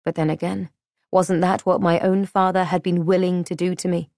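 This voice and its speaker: A woman narrating a first-person audiobook in a measured, reflective way. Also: fairly low pitch, level tone, a little mellow, no room sound, clean studio sound.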